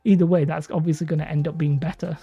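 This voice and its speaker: A woman with a low, dark voice and a breathy edge talks quickly with fairly even intonation while hosting a hobby livestream. Reading viewer comments, she chats and rambles between laughs; the audio is dull and lo-fi, with faint music.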